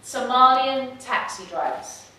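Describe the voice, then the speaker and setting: A middle-aged woman telling a personal story to an audience in a lively, humorous way. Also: sits high, slow pace. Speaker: speaker. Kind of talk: storytelling talk. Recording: echoey hall, mic from far off.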